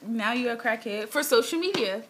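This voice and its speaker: A woman's voice: fairly high pitch, expressive, a little fast, a bit bright, a little hiss or hum. A woman hosting a podcast in casual chat, blunt and swearing, laughing often. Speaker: podcast host.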